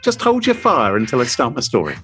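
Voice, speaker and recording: A man's voice: mid-range voice, huge pitch swings, fairly quick, bright, forceful tone. A man with an English accent co-hosting a podcast in casual, playful chat. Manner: playful, bouncy and teasing. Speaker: podcast co-host.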